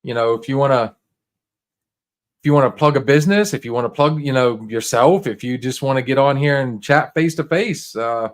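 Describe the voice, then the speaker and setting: A man's voice: mid-range voice, normal speed. A man hosting a casual livestream, talking straight to viewers in a laid-back, rambling way full of restarts and fillers. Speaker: livestream host.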